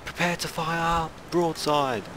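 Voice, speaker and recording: A man putting on a French accent to voice a shouting ship officer giving battle orders in a game. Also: fairly even intonation, slow, background noise. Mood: barking orders. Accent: put-on French. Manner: shouted orders, high and drawn out.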